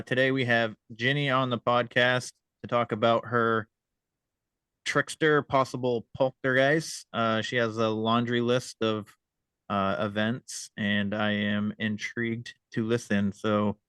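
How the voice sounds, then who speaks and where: Male podcast host, relaxed and filler-heavy, smooth voice, dry booth sound. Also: mid-range voice, unhurried, no echo. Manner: laid-back, filler-heavy. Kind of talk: casual chat.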